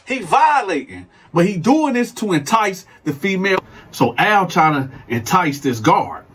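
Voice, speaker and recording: A man's voice: sits high, normal speed, breathy edge, rough recording. A man host telling a story casually to his viewers, acting out every voice. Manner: animated, acts out every voice.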